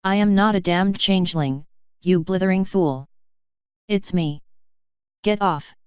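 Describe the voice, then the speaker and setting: A man's voice: sits high, a little slow, clean tone, dry recording. A woman voicing a sardonic, grumbling human man with a dry, exasperated manner, in a dull lo-fi recording.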